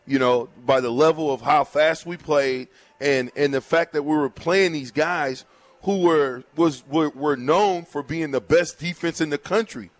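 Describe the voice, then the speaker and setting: A man hosting a radio interview, his voice sitting a little high, recorded dry and close with no room sound. He talks in a loose, conversational way and mixes his own story in with his questions. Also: unhurried, no echo. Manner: conversational, relates own experience. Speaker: radio show host. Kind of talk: casual interview.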